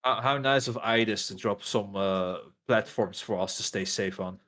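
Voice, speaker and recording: A man's voice: lowish voice, normal speed, a bit bright. A man co-playing on a game stream, trading dry, sarcastic quips in casual chat.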